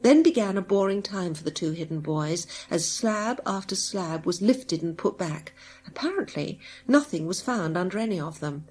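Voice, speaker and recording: A woman narrating a children's adventure audiobook in a steady, measured way. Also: on the low side, husky.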